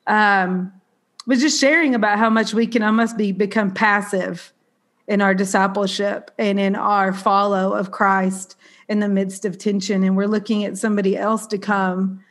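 A woman's voice: mid-range voice, little pitch movement, normal speed. Southern lady podcast host, bit stuffed up and nasal, bubbly and chatty, pokes fun at herself. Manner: chatty, bubbly, self-deprecating. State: congested, slightly nasal. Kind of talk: casual podcast chat.

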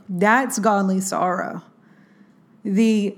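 A woman's voice: medium pitch, slow pace, darkish tone. A woman in a casual faith talk, speaking earnestly and reflectively, with many fillers and restarts. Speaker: Christian speaker.

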